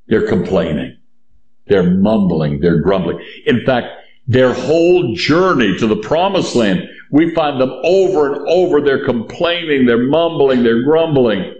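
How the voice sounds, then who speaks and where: A man preaching a sermon and reading scripture aloud. He is emphatic, repeats key phrases, and drops low and slow for weight. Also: lively intonation, a little mellow, reverberant, a little hiss or hum.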